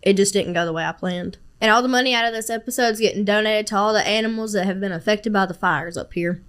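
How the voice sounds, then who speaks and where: A woman's voice: mid-range voice, fast, a bit bright. A young woman hosting a podcast, hesitant and apologetic in casual conversation. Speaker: podcast host.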